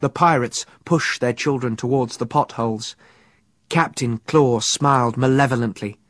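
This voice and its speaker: A man narrating an adventure audiobook in an expressive, vivid storytelling manner. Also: mid-range voice, normal speed, no echo, studio quality.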